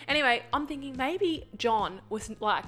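A young woman telling a story in casual chat, animated, swearing and acting out the people she quotes. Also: high voice, normal speed.

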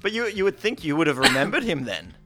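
A man's voice: fairly high pitch, huge pitch swings, quick pace, over music. A man chatting casually, playful and teasing, acting out little quotes. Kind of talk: casual chat.

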